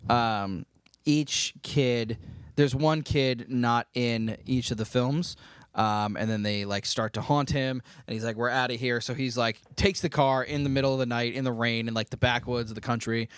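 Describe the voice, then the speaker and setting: A man's voice: mid-range voice, steady tone, normal speed, smooth, dry recording, studio quality. A man hosting a casual movie-review podcast, rambling through the plot and acting out the characters. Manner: rambling storyteller, acts out scenes in voices. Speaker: podcast host.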